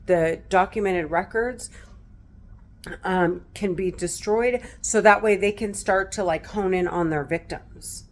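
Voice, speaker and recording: A woman's voice: mid-range voice, unhurried. A middle-aged woman speaking straight to camera, distressed and close to tears, talking in an agitated, repetitive way with a lot of swearing. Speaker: vlogger. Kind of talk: agitated direct-to-camera monologue.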